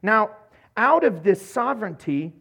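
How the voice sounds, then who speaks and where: A middle-aged male pastor with a fairly high voice delivers a sermon. He preaches in an animated, playful way and slips into short acted-out voices as he tells stories. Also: unhurried, vocal fry, husky. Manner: animated, playful, acts out voices in his retellings.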